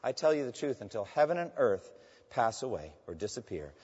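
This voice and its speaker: A man delivering a sermon, rising with force as he reads scripture and dropping low and quiet when he turns to address his friends in the pews. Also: big pitch swings, a little fast, husky. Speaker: pastor. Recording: dull reverberant hall sound.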